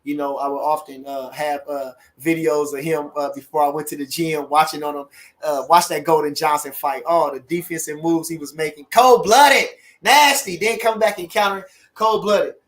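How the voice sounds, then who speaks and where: A middle-aged man hosting a casual livestream, animated and repeating catchphrases as he chats. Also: fairly high pitch, fairly quick. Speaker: livestream host.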